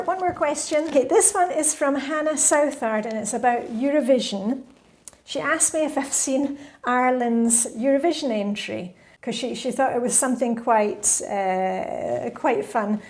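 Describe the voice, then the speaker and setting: Brief: middle-aged woman lifestyle vlogger, slightly high voice, chatty Q&A to camera, laughs easily. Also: darkish tone. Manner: chatty, laughs often between points. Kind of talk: casual Q&A chat to camera.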